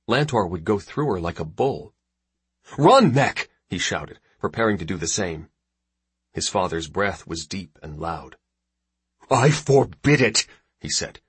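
A man reading a novel aloud in a measured, even narration. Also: fairly low pitch, husky, dry recording. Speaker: audiobook narrator. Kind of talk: scripted narration.

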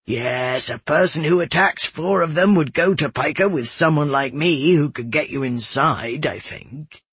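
A man voicing a calm, wise old male roadmaster in an audiobook, speaking slowly and softly. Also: fairly high pitch, slightly rough, no echo, full character voice. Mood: persuasive. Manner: slow, soft-spoken. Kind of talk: audiobook narration.

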